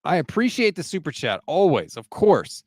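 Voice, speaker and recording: A man co-hosting a casual sports talk livestream, animated and quick to laugh. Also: fairly high pitch, no echo, clean studio sound. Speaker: sports podcast co-host.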